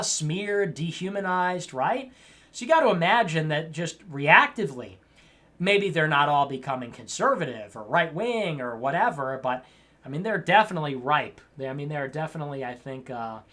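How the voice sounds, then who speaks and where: A man's voice: fairly high pitch, a bit bright. A man hosting a casual livestream show, reading viewer messages and answering with teasing, mock-scolding asides and rambling restarts.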